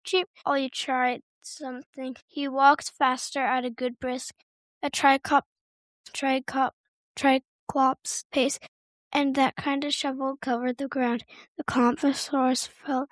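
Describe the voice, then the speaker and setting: A woman narrating a children's storybook in a steady, unhurried reading voice with small stumbles. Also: sits high, no echo.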